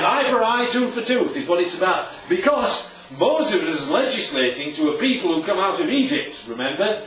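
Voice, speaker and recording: A man preaching a sermon from a distance, his voice bouncing around an echoey room. He talks in a loose, conversational way, often tossing out rhetorical questions. His pitch sits a little high and swings widely. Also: lively intonation, moderate pace, hardly any pauses, a bit bright, highs cut off.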